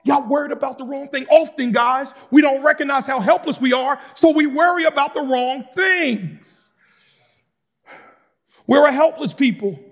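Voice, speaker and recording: High-voiced preacher man, fervent and loud. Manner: shouts and preaches with rising intensity, conversational asides. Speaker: pastor. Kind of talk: sermon.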